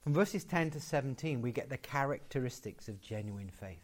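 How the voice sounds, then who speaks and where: A male preacher delivering a sermon in a voice of ordinary pitch for a man. He leans on key words, repeats phrases for weight and moves from loud declaration down to quiet, low lines. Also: lively intonation, moderate pace. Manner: emphatic, with repeated phrases and big swings in loudness.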